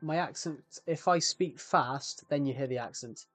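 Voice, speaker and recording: A man's voice: on the high side, moderate pace, fairly bright tone, dry recording, faint music behind. A young man with a West Country accent, chatting casually on a live stream, rambling and repeating himself with frequent restarts. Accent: West Country English.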